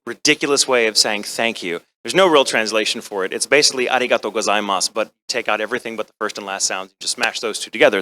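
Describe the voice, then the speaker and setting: An American man telling a comic story at a convention panel, acting out the voices of the people in it. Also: medium pitch. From United States. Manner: animated, comic, acts out voices. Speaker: convention guest actor.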